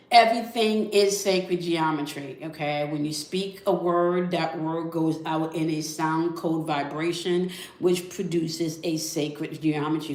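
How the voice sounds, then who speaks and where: A woman leading a guided spiritual energy check-in, calm and coaxing, who often ends her phrases with "okay?". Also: low-pitched. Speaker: spiritual reader. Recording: echoey room.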